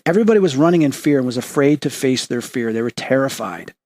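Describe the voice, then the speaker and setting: A man in the host's seat recounts a vivid vision at an earnest, personal pace. He acts out the voices of the people in his story as he tells it. His voice sits at an ordinary middle pitch. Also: expressive, quick pace, darkish tone. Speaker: host.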